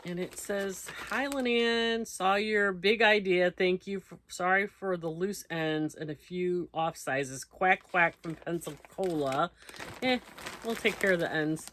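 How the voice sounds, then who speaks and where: A woman crochet vlogger talks in an unhurried, low voice as she unpacks parcels at home. She reads letters out loud and thanks each sender warmly, and a faint background noise sits under the recording. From United States. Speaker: crochet channel host. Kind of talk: casual unboxing chat.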